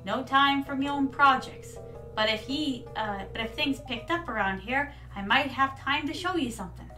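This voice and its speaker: A woman's voice: high-pitched, moderate pace, sharp tone, far from the mic, soft background music. A woman voicing a friendly older male fisherman in a game, with folksy old-sailor talk.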